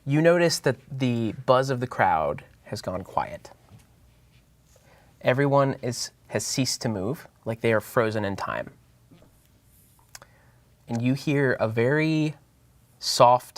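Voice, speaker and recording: A man narrating a tabletop game as game master, in a loose, halting way with many fillers. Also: mid-range voice, animated, dry recording.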